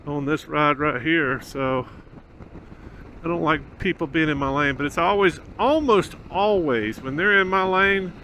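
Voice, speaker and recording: A man's voice: a little high, measured pace, sharp tone, slight background noise. A man riding a motorcycle outdoors on a country road, talking through a helmet mic in rambling, casual commentary with many fillers. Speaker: motorcycle vlogger. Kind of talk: casual ride-along commentary.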